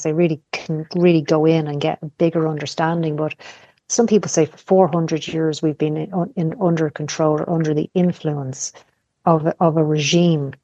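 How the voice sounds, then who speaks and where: A middle-aged woman with a lowish voice tells personal stories on a podcast, frank and unfiltered, with the odd curse. The sound is dry and close, with a slightly dull, lo-fi tone. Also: mellow, no echo. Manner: candid storytelling with casual swearing. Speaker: podcast guest. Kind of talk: casual conversation.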